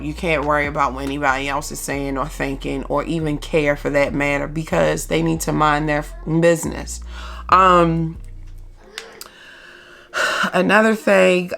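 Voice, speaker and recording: Slow-talking mother with a gravelly voice. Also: deep voice, a bit bright. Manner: slow, halting, emotional with many ums. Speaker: mother vlogger. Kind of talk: candid personal vlog.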